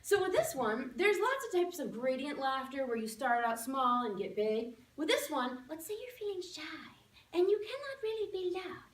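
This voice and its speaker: A woman giving a playful, animated laughter-yoga demonstration speech to a live audience. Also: high voice, normal speed. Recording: echoey room from far off.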